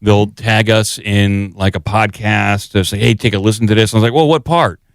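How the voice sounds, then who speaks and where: A man co-hosting a podcast, talking loosely with plenty of fillers and asides. His voice sits lowish. The sound is dry and close. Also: completely flat delivery, fairly quick, no room sound. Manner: rambling, self-deprecating, many fillers. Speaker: podcast co-host. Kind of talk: casual podcast chat.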